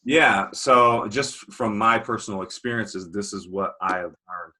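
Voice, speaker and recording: A man's voice: lowish voice, a little slow, sharp tone, poor audio. A man taking part in a live group discussion, reflecting thoughtfully and drawing on his own experience. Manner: reflective, speaks from personal experience. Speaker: discussion participant.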